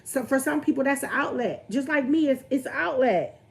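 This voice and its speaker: A woman's voice: high-pitched, expressive, a little fast, gravelly. A young woman, venting candidly on her livestream and greeting viewers as she talks. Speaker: vlogger on a livestream.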